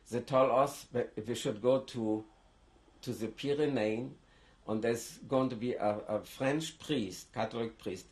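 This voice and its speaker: An older man who grew up in Germany, seated indoors with a lapel mic, giving oral history testimony in a halting way with frequent restarts. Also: medium pitch, a little mellow. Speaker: interviewee.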